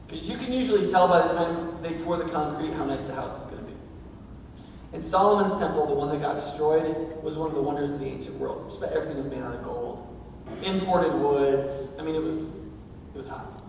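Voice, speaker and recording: High-voiced pastor preaching in an echoey hall. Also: male voice, normal speed, creaky, darkish tone, far from the mic, a little hiss or hum. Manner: casual, conversational preaching with humor. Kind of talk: sermon. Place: church sanctuary.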